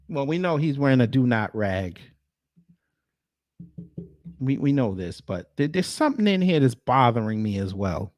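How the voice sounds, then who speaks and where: A man's voice: mid-range voice, sing-song, moderate pace, pauses often, a little mellow, no room sound, soft background music. A man hosting a livestream, ranting at and mocking the clips he reacts to. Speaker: livestream host.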